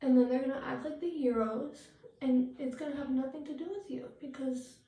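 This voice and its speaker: A woman's voice: high voice, a little fast, warm tone. A woman ranting bluntly and with a lot of swearing while doing her makeup for a get-ready-with-me video, often trailing off into fillers. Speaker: vlogger. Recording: echoey room, distant mic, faint noise.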